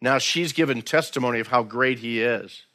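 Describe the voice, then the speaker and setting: A man's voice: mid-range voice, normal speed, pushed and bright. Earnest, conversational male pastor. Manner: conversational, earnest preaching with frequent "man" and "again". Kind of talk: expository sermon. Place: church.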